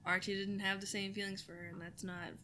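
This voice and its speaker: Woman co-host, bright sharp tone, relaxed and hesitant, podcast chat. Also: medium pitch, fast, slight background noise. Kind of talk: casual rewatch chat.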